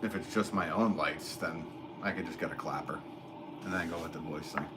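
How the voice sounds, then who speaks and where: A man's voice: deep voice, normal speed. A man from Connecticut, a potter, chatting casually and reading out comments on a live stream. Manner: rambling, easygoing, many fillers. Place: pottery studio. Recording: noisy background.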